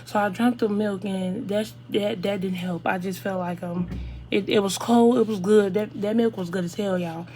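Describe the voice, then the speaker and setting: An eighteen-year-old woman, telling a casual storytime to viewers in an animated, chatty way. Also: mid-range voice, normal speed, over music. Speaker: vlogger.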